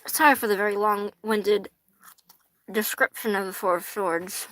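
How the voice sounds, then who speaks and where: On a casual tarot livestream, a young woman chats and rambles, swearing casually, laughing often, and eating fries. Her mid-range voice is fairly even in intonation, a little slow, and a bit bright. There's slight background noise.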